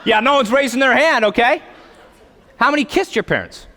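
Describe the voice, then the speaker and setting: A young man giving a casual, humorous sermon from a church stage, animated and acting out quotes. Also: very high-pitched, moderate pace, a faint crowd. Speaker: preacher. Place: church stage with hall reverb. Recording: reverberant church hall.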